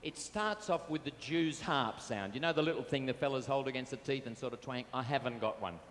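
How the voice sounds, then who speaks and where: On a fair stage, an Australian man with a mid-range, fairly bright voice talks a little fast through a cabled mic, teasing and chatting with the crowd in front of him. The sound is reverberant, with band music and a little hiss or hum.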